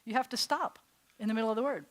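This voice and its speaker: A middle-aged woman from New York, a rabbi teaching a Hebrew class in a chatty, animated way with frequent laughs. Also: on the high side, fast talker. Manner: chatty and animated, often laughing between points.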